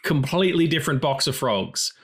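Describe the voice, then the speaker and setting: A man co-hosting a film podcast speaks fairly quickly in a fairly high, expressive voice with a breathy edge. Not from his co-host's country, he rambles casually and profanely, skipping from tangent to tangent.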